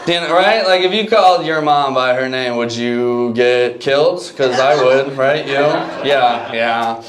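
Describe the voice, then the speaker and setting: A man's voice: medium pitch, measured pace. A man in his twenties from Cleveland doing a loose, chatty stand-up set and talking with the audience. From Cleveland, Ohio. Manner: loose, conversational, chats with the audience. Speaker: stand-up comedian. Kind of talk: stand-up set with crowd work. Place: comedy club. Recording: echoey club room, loud crowd noise.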